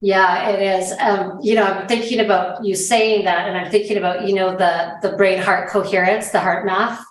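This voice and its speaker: Woman host thinking out loud, lots of restarts, sounds like she's in an echoey room. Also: mid-range voice, fairly even intonation, moderate pace, few pauses. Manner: reflective, hesitant, many restarts. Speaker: host, interviewer. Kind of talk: conversational interview.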